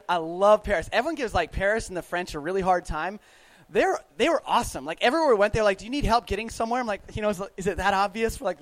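A young man with a high voice tells a travel story to a live audience. He talks casually, stumbles through restarts and "like"s, and stays animated throughout. The sound is close and dry, with no room echo. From United States. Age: young adult.

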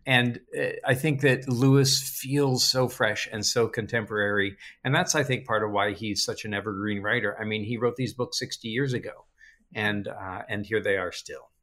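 A man hosting a casual book discussion, summarizing chapters and reading quotes with lively emphasis. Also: fairly low pitch, normal speed. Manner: relaxed, chuckling, reads quotes with animated emphasis.

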